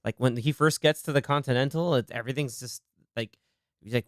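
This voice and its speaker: A young man with a smooth, resonant voice hosts a relaxed movie podcast. He talks with excitement and slips into quoted lines as he recounts scenes. The sound is dry and close. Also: medium pitch, a little fast, no room sound. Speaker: podcast host. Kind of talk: casual movie chat.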